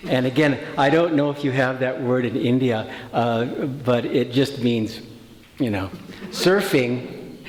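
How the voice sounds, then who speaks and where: A man giving a spiritual talk to a retreat group, telling stories in a conversational way, with frequent fillers and restarts. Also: medium pitch. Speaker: retreat teacher. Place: retreat hall. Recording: roomy hall reverb.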